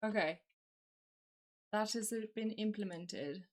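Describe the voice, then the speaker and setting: A woman's voice: mid-range voice, takes it slowly. Chatty young woman with a Southern twang. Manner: rambling, chatty, reads and answers chat aloud. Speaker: livestreamer. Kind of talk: casual live-stream chat.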